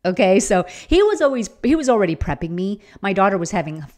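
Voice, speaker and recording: A middle-aged woman speaks with eager, heartfelt enthusiasm in a motivational faith talk. She tells stories from her own life and urges listeners to act. Her voice sits at a middle pitch. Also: sing-song, quick pace, a little mellow. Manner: enthusiastic, earnest storytelling.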